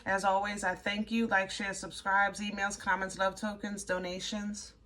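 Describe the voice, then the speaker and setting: A woman giving a casual tarot reading, chatty and easily excited, rambling and restarting as she talks through the cards. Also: mid-range voice, moderate pace, slight background noise. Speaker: tarot reader.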